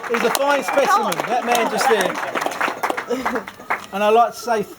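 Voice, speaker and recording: High-voiced man, best man speech, jokey and rambling, loud background noise. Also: normal speed, a loud crowd. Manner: jokey, rambling, often laughing. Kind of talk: wedding speech. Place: wedding reception.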